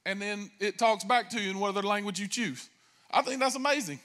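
A man preaching a sermon as pastor, telling jokes and stories in a lively way and acting out quoted voices. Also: sits high, a little fast. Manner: animated, joking storytelling with acted-out voices.

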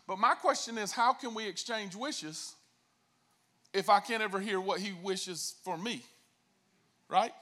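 A man preaching a sermon as pastor, telling jokes and stories in a lively way and acting out quoted voices. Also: high-pitched, unhurried, pauses often. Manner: animated, joking storytelling with acted-out voices.

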